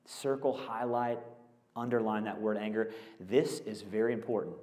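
Animated male pastor in an echoey auditorium. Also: fairly low pitch, normal speed. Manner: conversational, animated preaching with rhetorical questions. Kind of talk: sermon. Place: school auditorium used as a church.

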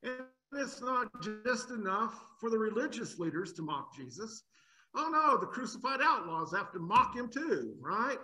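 A man's voice: high-pitched, very animated, normal speed, sharp tone, faint music behind, low-quality recording. A man preaching an expository sermon, emphatic, asking rhetorical questions and often repeating words as he builds a point.

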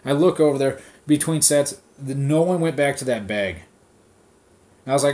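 A man hosting a podcast, ranting in a casual, profane style and telling an animated story, recorded on his phone. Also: medium pitch, moderate pace. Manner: swears constantly, animated storytelling. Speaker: podcast host.

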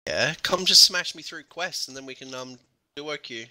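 A man's voice: a little high, normal speed. A young man in casual, crude, joking banter during a voice chat while gaming. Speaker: gamer in voice chat. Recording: voice chat with loud crowd noise.

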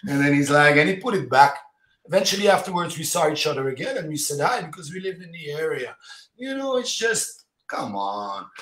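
A somewhat high-voiced man talks casually as a guest, telling animated anecdotes in choppy, fragmented bursts full of "you know". His voice rings out in a noticeably echoey room. He sounds like a martial arts teacher sharing his experiences. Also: a little fast. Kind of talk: casual interview storytelling. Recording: roomy echo.

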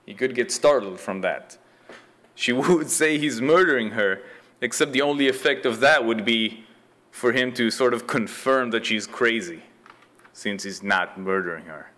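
A man's voice: fairly low pitch, normal speed, sharp tone. Sardonic male video commentator. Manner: sardonic, chuckling, loose.

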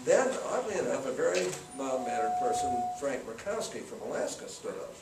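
A man's voice: mid-range voice, sing-song, a little fast, creaky. Older man telling stories, roomy distant sound. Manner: folksy anecdotal, acts out quotes. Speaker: guest speaker, senator. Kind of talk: storytelling talk to students. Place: campus event room. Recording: roomy, from far off, noisy.

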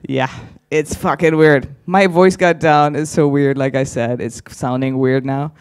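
A man's voice: fairly high pitch, steady tone, a little slow, clean tone, dry recording, clean studio sound. A man doing stand-up on a conference stage, teasing the audience with crude, chatty crowd work. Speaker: stand-up comedian.

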